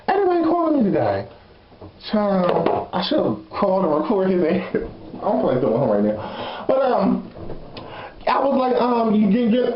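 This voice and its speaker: A young man telling a story in a casual vlog, sassy and animated, laughing often. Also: high-pitched, echoey room, lo-fi sound, background noise. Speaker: vlogger.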